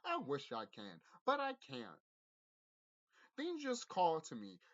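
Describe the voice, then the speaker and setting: Lively rambling man, dull lo-fi audio. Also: fairly high pitch, slow pace. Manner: intense, profane, repetitive, restarts often. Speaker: vlogger. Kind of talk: rambling spiritual monologue.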